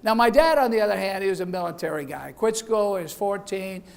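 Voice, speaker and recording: A man's voice: high voice, expressive, brisk, vocal fry. A middle-aged man, founder of a beauty school, giving a chatty graduation speech, cracking jokes and laughing at them, sometimes acting out quoted voices. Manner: chatty, jokey, laughs at his own jokes. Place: event hall.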